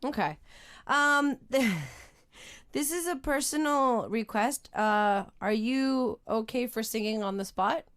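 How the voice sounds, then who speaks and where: A woman's voice: fairly high pitch, lively intonation, slow pace, fairly bright tone. Bubbly, giggly woman interviewer. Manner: bubbly, giggly, reacting with gasps and exclamations. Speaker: interviewer reading fan questions. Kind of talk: casual interview chat.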